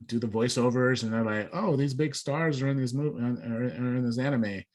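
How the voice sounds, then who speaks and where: A man's voice: mid-range voice, moderate pace, darkish tone. A man on a podcast panel talks in a mid-range voice. He halts often and restarts his sentences as he goes. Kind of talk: casual chat.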